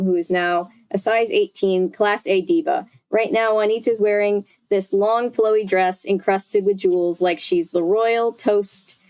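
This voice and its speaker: A woman's voice: medium pitch, darkish tone. A young woman reading a novel aloud on a live stream in a chatty way, stopping to correct herself and talk to her chat. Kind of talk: casual live read-aloud.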